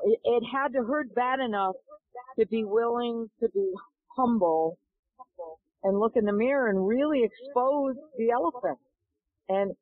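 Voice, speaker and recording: A woman's voice: a little high, dry recording. A middle-aged woman tells her story with energy and plays out each voice in the exchange. Her voice comes through a thin, phone-like line. The sound is close and dry. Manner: animated, acts out dialogue in her stories. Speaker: golf instructor and guest. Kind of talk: storytelling in a podcast interview.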